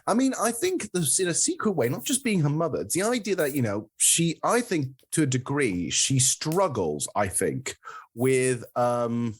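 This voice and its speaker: A man co-hosting a film podcast in a loose, chatty way, his voice a little high for a man and bouncing around a lot in pitch. He acts out lines from the film as he goes, with lots of ums and restarts. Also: normal speed, slightly rough. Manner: animated, acts out quotes, many fillers. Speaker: podcast co-host. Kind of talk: casual film review chat.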